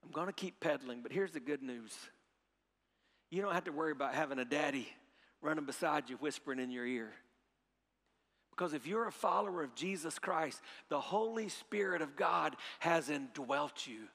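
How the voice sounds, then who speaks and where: Middle-aged male preacher, high tenor, animated storyteller, church reverb. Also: normal speed. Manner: animated storytelling, swings from hushed to loud; repeats phrases, leads audience call-and-response. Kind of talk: sermon. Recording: long hall reverb.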